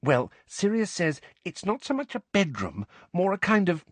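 An eager, brainy teenage girl talks brightly, with a touch of bossiness, as a man puts her on. The voice is pushed well above his own register and bounces around a lot. The sound is dry and close. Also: high voice, sing-song, moderate pace, no room sound, voice pushed up. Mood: earnest.

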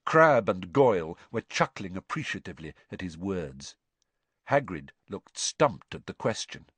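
A man narrating an audiobook in an expressive, varied storytelling manner. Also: sits low, unhurried, slightly rough, dry recording.

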